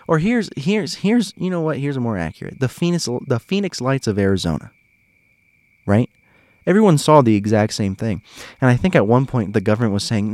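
This podcast host is a man with a mid-range, slightly mellow voice who speaks at a moderate pace and is very animated. He chats casually to his listeners, chuckling often while telling stories, and the recording is dry.

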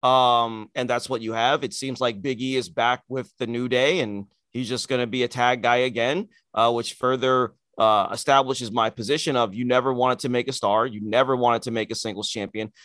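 An opinionated male co-host in casual talk, animated and sarcastic as he argues his point. The sound is dry and close. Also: mid-range voice, normal speed, hardly any pauses, no room sound. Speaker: podcast co-host. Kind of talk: casual wrestling chat.

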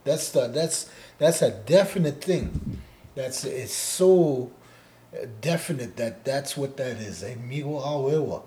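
A man co-hosting a casual podcast, talking in a relaxed way and often ending his sentences with "eh?", growing loud and laughing when he tells stories. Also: mid-range voice, measured pace. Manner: laid-back, ends phrases with "eh?", turns loud and laughing when telling stories. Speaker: podcast co-host teaching Odawa. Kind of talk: casual conversational chat.

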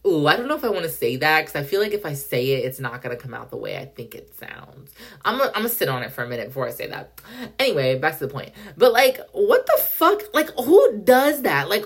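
A young woman hosting a podcast, telling a story in a profane, animated, dramatic rant full of slang and filler words. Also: deep voice. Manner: heavy slang, filler 'like'. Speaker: podcast host.

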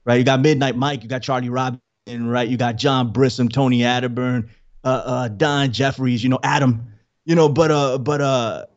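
A man's voice: medium pitch, steady tone, normal speed, muffled recording. A man hosting a casual livestream podcast, rambling and repeating words as he greets the chat. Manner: rambling, repeats words, friendly shout-outs. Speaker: podcast host.

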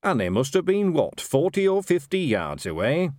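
A man's voice: fairly high pitch, huge pitch swings, moderate pace, darkish tone, no echo, studio quality, voice pushed up. A man voicing a careful, knowing male street food vendor in an audiobook. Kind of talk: audiobook character voice.

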